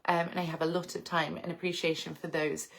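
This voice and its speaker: A woman's voice: sits low, flat delivery, fast, creaky. Thirtysomething english woman on a livestream, musing, reading out her viewers' comments and replying. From England. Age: 30s. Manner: reflective, reads viewer comments aloud and answers them. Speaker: livestream host. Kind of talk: casual livestream chat.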